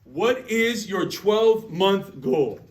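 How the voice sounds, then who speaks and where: A man giving an energetic sales training talk to a group, repeating his phrases. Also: high-pitched, slow pace. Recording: echoey room, distant mic.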